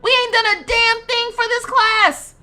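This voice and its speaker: A woman in her thirties streaming a life-sim game, ranting dramatically with loud outbursts and laughter, then settling into explanations for her chat. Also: very high-pitched, level tone, unhurried, faint music behind. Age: 30s. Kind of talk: livestream gameplay commentary.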